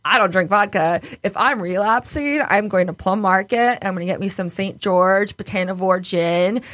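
A woman's voice: mid-range voice, normal speed, fairly bright tone, dry recording. A woman from New York speaking candidly in a casual interview, laughing often and swearing freely. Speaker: podcast guest.

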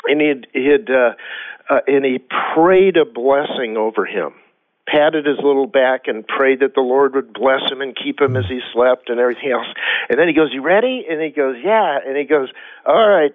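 A man's voice: medium pitch, moderate pace, no echo, phone-quality sound. A man telling a personal story as a radio show guest, earnest and rambling, with many restarts.

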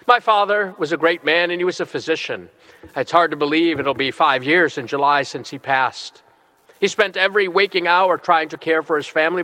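A middle-aged bishop delivers a sermon in a bright, somewhat high voice. He speaks earnestly, leaning on slow, emphatic phrases. His words ring out with the long reverb of a large church hall.

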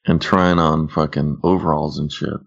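A man's voice: very deep voice, flat delivery, moderate pace, gravelly. A man who is a parent co-hosting a stream, chatting bluntly and joking with swears. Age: adult parent. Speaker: stream co-host. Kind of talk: casual profane chat. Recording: dull lo-fi sound.

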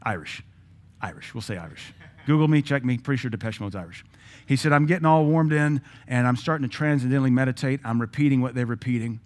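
A man's voice: mid-range voice, quick pace. A middle-aged man, preaching a sermon as pastor, telling stories with acted-out quotes and blunt asides.

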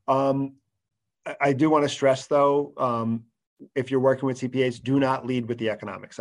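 A male accountant is a guest in an interview. His voice is flat and even, with little rise and fall. He explains things steadily and fills his pauses with "um". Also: medium pitch.

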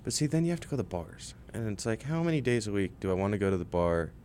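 A man's voice: lowish voice, sing-song, quick pace, a little mellow, slight background noise. A young man co-hosting a radio show, rambling in casual chat and laughing often.

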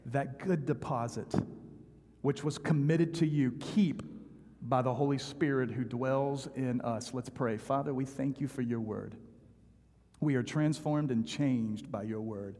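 A man preaching a sermon, reading scripture, praying and telling stories in an animated, conversational way. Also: mid-range voice, a little slow, in a large hall. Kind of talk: sermon with storytelling.

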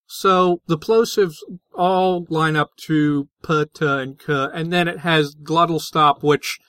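Slow bright-voiced man hosting a podcast. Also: a little high, fairly even intonation, no echo. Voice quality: hesitant, many fillers and restarts. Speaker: podcast co-host. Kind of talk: casual discussion of linguistics.

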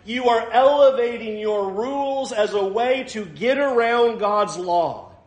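A man preaching a sermon in an animated way, acting out the voices of the people he quotes. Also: very high-pitched, unhurried. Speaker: pastor. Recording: echoey room.

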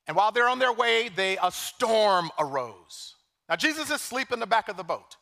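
Bright-voiced, animated male pastor preaching. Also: high-pitched, moderate pace, vocal fry. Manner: animated, rising to loud emphasis, with dramatic hushed scripture quotes. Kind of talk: sermon. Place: church sanctuary.

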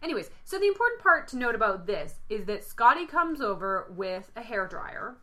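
Bright, joking woman podcast co-host. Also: a little high, very animated. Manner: joking, teasing, quick asides. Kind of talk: casual chat.

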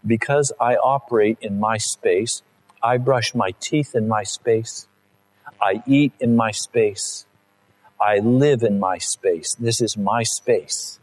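A man's voice: lowish voice, takes it slowly, a little mellow, poor audio. A male pastor delivering a conversational sermon and acting out little everyday scenes.

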